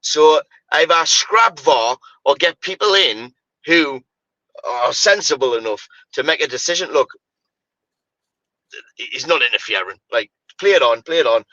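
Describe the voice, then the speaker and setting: Animated man ranting. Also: mid-range voice, measured pace, dry recording, muffled recording. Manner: animated, exasperated ranting with repeated "mate" and "you know, like". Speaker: podcast co-host. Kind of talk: casual football podcast chat.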